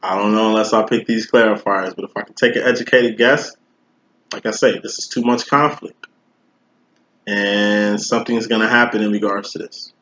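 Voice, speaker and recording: This tarot reader's voice is lowish, steady and a bit bright, at a normal speed. He addresses the viewer directly in casual, slang-heavy, profane speech, captured in a roomy, dull lo-fi recording with a little hiss or hum.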